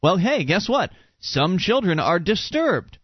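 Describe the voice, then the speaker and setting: A man's voice: high-pitched, very animated, a little slow, breathy edge, no room sound. A man hosting a call-in talk radio show, with wry, joking asides. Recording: dull, muffled radio broadcast.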